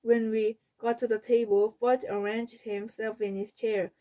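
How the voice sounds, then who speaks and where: Slow, careful woman reading aloud. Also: fairly high pitch, little pitch movement, warm tone, poor audio. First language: Korean. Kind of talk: reading a children's book aloud.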